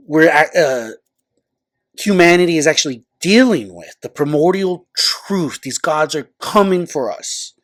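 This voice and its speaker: A man hosting his own show, giving a casual book review with a rambling, self-correcting delivery and unsure pronunciation of names. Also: on the high side. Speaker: host.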